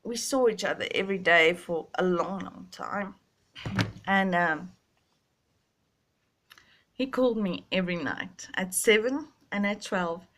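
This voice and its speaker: Young woman, slow and halting, a bit stuffy-nosed, confessional vlog storytelling. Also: lowish voice, fairly bright tone. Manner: halting, emotional, many restarts and pauses. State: stuffy, sinus. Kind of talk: personal storytelling to camera.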